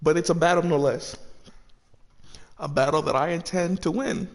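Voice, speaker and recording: Gravelly high-voiced man swearing through commentary. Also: normal speed. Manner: profane, repetitive, animated reactions. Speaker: gaming channel host. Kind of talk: casual let's-play commentary.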